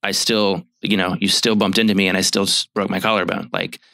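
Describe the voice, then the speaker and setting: A man's voice: low-pitched, flat delivery, fairly quick, vocal fry, bright, forceful tone, no echo. A man in his thirties, a marriage therapist co-hosting a podcast, explaining ideas in a thoughtful, casual way. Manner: thoughtful, explanatory, with frequent fillers and restarts. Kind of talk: casual chat about relationships.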